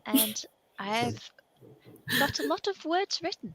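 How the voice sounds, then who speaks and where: Woman doing a plummy wizard, high and hushed, genteel, formal. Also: very animated, unhurried, husky, heavily acted, poor audio. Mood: prim. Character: posh, genteel fantasy wizard.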